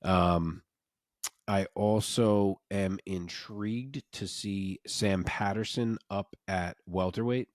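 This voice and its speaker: A man's voice: deep voice, no echo, clean studio sound. A man co-hosting a casual sports podcast, analytical and enthusiastic, often restarting his sentences.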